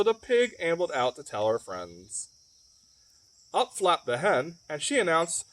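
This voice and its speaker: A man reading a picture book aloud for children, with a highish voice that rises and falls a great deal. He takes it slowly and breaks off for playful asides to the kids. Crickets and other insects chirp faintly behind him. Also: huge pitch swings, fairly bright tone. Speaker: library storyteller. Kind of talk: children's story read-aloud.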